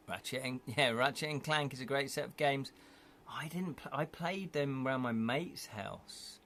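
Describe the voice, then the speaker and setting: A man's voice: mid-range voice, moderate pace, fairly bright tone, slight background noise. Casual man reading a story live. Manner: casual, chatty, breaks off to joke and laugh. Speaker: streamer reading a gamebook. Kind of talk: live reading with chatty asides.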